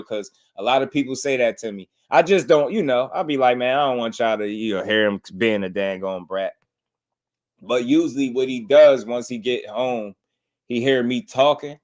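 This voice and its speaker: A man, hosting a casual boxing livestream and chatting loosely with his viewers. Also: medium pitch. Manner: loose and talkative, slangy.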